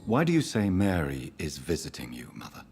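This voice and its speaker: A deep-voiced brooding vampire doctor. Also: male voice, huge pitch swings, gravelly, over music, exaggerated voice. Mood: somber. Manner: grave, measured, formal. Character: brooding male vampire doctor, somber and restrained.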